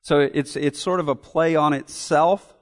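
A man's voice: fairly high pitch, fairly even intonation, a little slow, in a large hall. A man preaching an expository sermon in an earnest way, repeating key phrases and asking rhetorical questions. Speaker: pastor.

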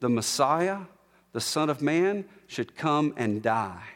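A man preaching a sermon as pastor, emphatic, slowing down to stress repeated lines. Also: a little high, expressive, fairly bright tone, long reverb tail. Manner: emphatic preaching with slow, drawn-out repetitions.

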